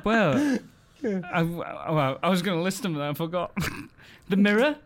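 Animated English man telling stories. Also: sits high, unhurried. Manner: animated storyteller, laughs through his stories, swears freely. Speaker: comedian and podcast co-host. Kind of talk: casual anecdote-telling chat.

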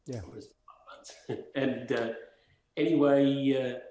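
A man's voice: mid-range voice, steady tone, measured pace, dark tone. Impassioned man telling stories in an echoey room. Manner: rambling, impassioned storyteller. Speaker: podcast guest. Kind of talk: storytelling conversation. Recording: roomy echo.

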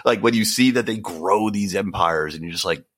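A man's voice: low voice, a little fast, fairly bright tone. A man co-hosting a casual podcast, chatty and joking, who sometimes slips into silly put-on voices. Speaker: podcast co-host.

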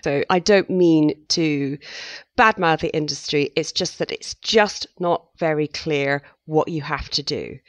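A middle-aged woman, a journalist, speaking frankly as a guest in an interview, telling her story with lively quoted asides. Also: low voice, measured pace, no room sound. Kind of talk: candid interview conversation.

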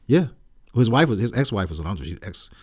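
A man with a low, deep voice co-hosts a relaxed podcast conversation. He talks in halting stretches full of fillers and restarts, and slips into teasing, jokey banter. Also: husky. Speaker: podcast co-host. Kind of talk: casual chat.

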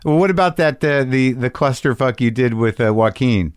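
A man's voice: mid-range voice, normal speed, smooth, no room sound. Guy hosting an interview, jokey and blunt, cusses, dry sound. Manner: blunt, joking, profane. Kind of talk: casual interview talk.

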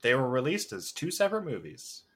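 A man co-hosting a casual podcast chat about films, blunt and quick to swear when he gets heated. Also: medium pitch, wildly swooping pitch, breathy edge. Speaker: podcast co-host.

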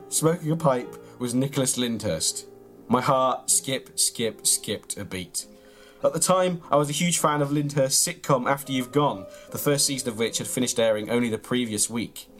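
A man reads a ridiculous memoir aloud with a straight face and mock-earnest pacing, his pitch sitting in an ordinary middle range. Faint music plays underneath. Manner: deadpan, mock-earnest storytelling. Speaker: comedy podcast host reading his own mock memoir. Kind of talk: deadpan comic reading of a story, then casual chat.

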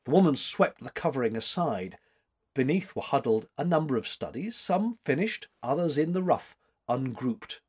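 A man narrating a chapter of a book in a measured, expressive way. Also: medium pitch, slightly rough. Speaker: audiobook narrator. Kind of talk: scripted narration.

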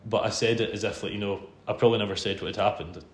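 A man's voice: lowish voice, steady tone, rapid-fire. A man with a Scottish accent, a podcast host now the guest, telling a long story in a chatty, self-deprecating way with frequent laughs. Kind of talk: casual storytelling in a podcast interview. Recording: roomy room sound with faint background hum.

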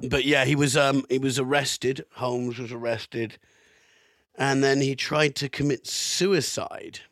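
A man's voice: mid-range voice, steady tone, takes it slowly, a bit bright, no echo, clean studio sound. A man co-hosting a casual podcast, reading out an odd history story with amused, swearing asides. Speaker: podcast co-host.

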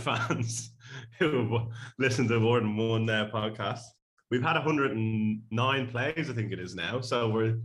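A man's voice: mid-range voice, fairly bright tone. A man co-hosting a podcast in casual, joking chat, laughing often. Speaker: podcast co-host. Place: Bondi home.

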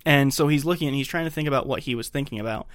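A man's voice: mid-range voice, very fast, dry recording. Man recapping a film on a dry close mic. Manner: retells scenes acting out the characters' lines. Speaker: podcast co-host. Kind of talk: casual chat, recapping a movie. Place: podcast recording setup.

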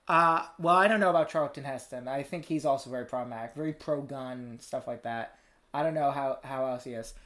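A podcast co-host in casual chat, joking and chatty with quick asides. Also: medium pitch, a bit bright.

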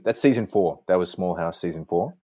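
Brief: low-pitched male host, dry teasing humor, reads scene directions. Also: fairly quick, a loud crowd. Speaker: host and narrator. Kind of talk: joking chat and scene narration.

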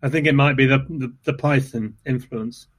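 A man hosting a relaxed conversation. He rambles through anecdotes with self-deprecating asides, and his pitch leaps up and drops back often. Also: moderate pace. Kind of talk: casual conversation.

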